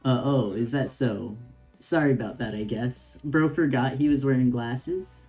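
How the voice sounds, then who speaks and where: A man's voice: mid-range voice, a little slow, darkish tone, faint music behind. A man streaming a game, reading its dialogue aloud and adding laid-back, slangy commentary between the lines.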